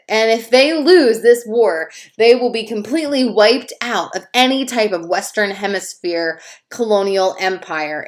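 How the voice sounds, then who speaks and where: A woman giving a casual history lecture, talking conversationally with fillers and little acted asides. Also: medium pitch.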